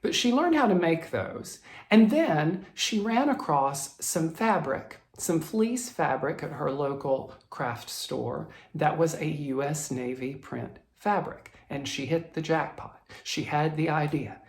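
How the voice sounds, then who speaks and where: A chatty stitching vlogger tells a viewer's story with lively asides. The voice is gravelly and mid-pitched, and the room around it gives a roomy echo. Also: takes it slowly. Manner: chatty, animated storyteller who reads viewer emails. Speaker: flosstube host. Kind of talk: casual storytelling vlog.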